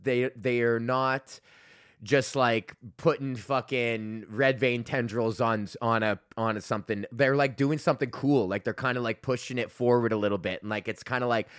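A young man from Alberta talks through his week as a podcast host, loose and profane, breaking into laughs and trailing off mid-thought. His voice sits at an ordinary middle pitch for a man. The sound is dry and close, with no room around it. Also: a bit bright, no echo. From Alberta, Canada. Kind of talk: casual rambling monologue.

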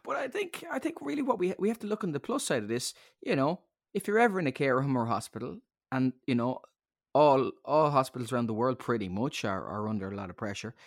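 A man's voice: mid-range voice, fast, vocal fry, no echo, clean studio sound. A man hosting a podcast, full of jokey banter. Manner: jokey, animated banter, laughs easily. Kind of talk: casual podcast chat.

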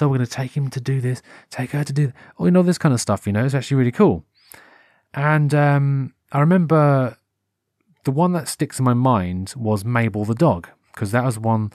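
A man's voice: medium pitch, no room sound, studio quality. A British man talking alone on his podcast in a loose, rambling way, often correcting himself and livening up when he acts things out. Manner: rambling, self-correcting, breaks into animated put-on voices. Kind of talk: unscripted solo monologue. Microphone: headphones with a wired mic.

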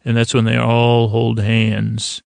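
A man's voice: medium pitch, monotone, slow, creaky, no room sound. A man hosting a sleep podcast, casually recapping a TV episode in a meandering, earnest way. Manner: meandering, many restarts and fillers, quietly earnest.

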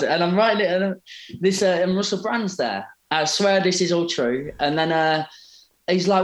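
A man, a poet guesting on a podcast, telling stories in an animated, rambling way with many restarts. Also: high-pitched, normal speed. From Derby, England. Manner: animated, rambling, self-interrupting. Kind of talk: casual storytelling interview. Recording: roomy echo.

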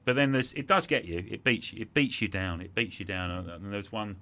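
Low, bright-voiced man telling a hard story. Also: animated, brisk. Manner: reflective, repeats words when moved. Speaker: guest. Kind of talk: emotional storytelling in conversation.

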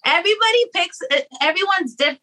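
A woman's voice: very high voice, expressive, fairly quick, sharp tone, poor audio. A young woman singer, a guest, chatting casually and hesitantly, with many restarts and fillers. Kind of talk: casual interview chat.

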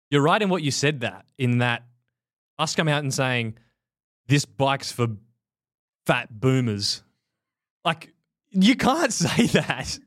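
A man's voice: fairly high pitch, fairly bright tone. A man with an Australian accent co-hosting a casual cycling podcast, talking loosely and laughing mid-sentence. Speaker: podcast co-host. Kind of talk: casual chat.

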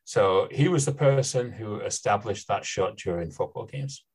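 Male podcast co-host, lower pitch, relaxed explainer with fillers. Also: normal speed, husky. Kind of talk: casual chat.

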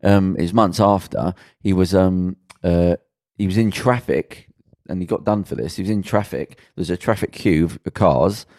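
Low-voiced man ranting. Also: moderate pace, no room sound, studio quality. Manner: excitable, ranting, swears and laughs a lot. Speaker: podcast co-host. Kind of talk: casual banter.

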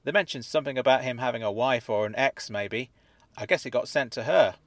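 A man voicing a curt, distracted man in a bedsit who talks in a gruff, offhand way. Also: medium pitch, fairly quick, no room sound, lightly acted.

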